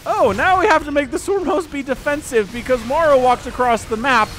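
A man doing video game commentary, animated and incredulous, laughing often and turning sarcastic. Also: very high-pitched, a little fast, few pauses, a little hiss or hum. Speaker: game caster.

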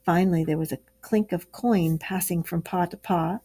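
A woman teacher reading a storybook aloud to a class with expressive, steady storytelling. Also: fairly low pitch, normal speed, slightly rough.

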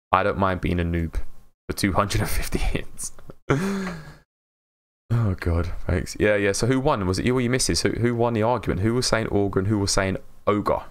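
A British man live streaming a game in casual chat, mumbling and slurring his words and laughing often. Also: on the low side.

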